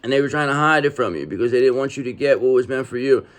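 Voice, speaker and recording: Male tarot reader, casual and streetwise, keeps checking in with "okay?", mid pitch. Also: quick pace. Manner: street-talking, repetitive, reassuring with frequent "okay?". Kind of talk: casual tarot reading monologue.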